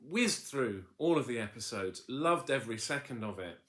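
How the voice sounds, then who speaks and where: A man giving a casual, enthusiastic review, halting with fillers and restarts. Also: mid-range voice, expressive, heavy background noise. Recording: echoey room.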